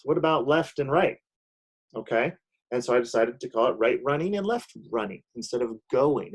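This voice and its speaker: A man's voice: mid-range voice, slightly rough. A man teaching a recorded online lesson while sharing his screen, explaining step by step with frequent "okay?" check-ins and "um" fillers.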